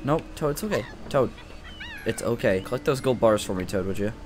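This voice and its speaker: A young man giving casual, excitable gameplay commentary with frequent swearing, shouting at characters in the game. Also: medium pitch, a little fast, noisy background. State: sore tongue from a cold sore. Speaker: gaming video creator.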